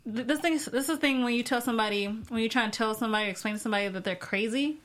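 A woman with a slightly high voice talks through a TV episode in a casual chat. She laughs often and hedges her points with "like.". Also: rapid-fire, a bit bright.

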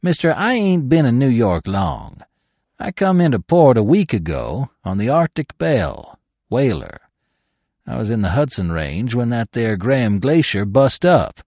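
A man's voice: mid-range voice, very animated, unhurried, darkish tone, dry recording, clean studio sound. A man voicing a sullen old trapper and whaler who talks in a folksy, blunt backwoods drawl. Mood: drawling, rough.

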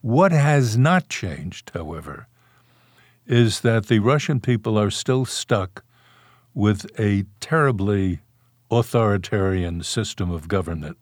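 Older man telling stories, low voice. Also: lively intonation, slow pace, dry recording, studio quality. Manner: anecdotal, wry, chuckles while recalling. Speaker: author and interview guest. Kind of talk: storytelling in a podcast interview.

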